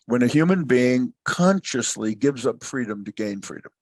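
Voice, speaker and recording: A man's voice: medium pitch, animated, normal speed, no room sound. An older man, a guest advisor, speaking in an expansive, philosophical, storytelling way in an interview. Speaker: guest, family wealth advisor. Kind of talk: reflective interview talk.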